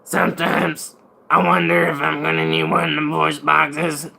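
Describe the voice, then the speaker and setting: A worn-out old chain-smoker, as a man puts him on, with a deeply gravelly, crackling voice. He drags every word out slowly, and the voice sits a touch high and sounds sharp and bright. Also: big pitch swings, heavily acted. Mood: rasping. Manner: slow and rasping.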